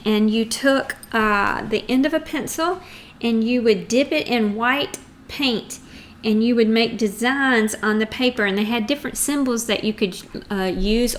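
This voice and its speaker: A woman's voice: fairly high pitch, moderate pace, slight background noise. A middle-aged woman with a Texan accent teaching a chatty geography lesson to young students in a screen recording.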